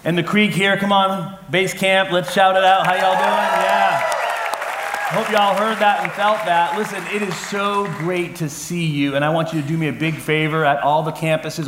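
Lively pastor in a roomy church hall. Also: male voice, fairly high pitch, normal speed, background noise. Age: 40s. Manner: lively, addressing a crowd with cheers and callouts; storytelling with humor. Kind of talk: sermon. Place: church auditorium before a congregation.

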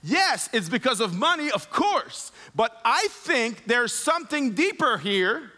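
A man preaching a sermon, emphatic and repeating phrases for effect, dropping to a soft low voice when he leads prayer.

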